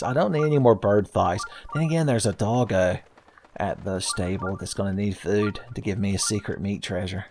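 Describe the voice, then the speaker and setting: Here a let's play host in his thirties talks through a game casually, his mid-range voice carrying a little hiss or hum. Faint game music plays underneath his jokey, sarcastic and profane remarks.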